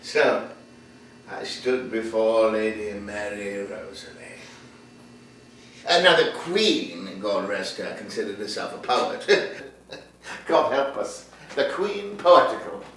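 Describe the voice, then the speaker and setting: An actor playing a wistful, lovestruck 52-year-old playwright in a one-man stage monologue, reminiscing with animated storytelling. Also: fairly low pitch, slow, exaggerated voice. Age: 50s. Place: theater stage. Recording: roomy stage sound from a far camera with faint noise.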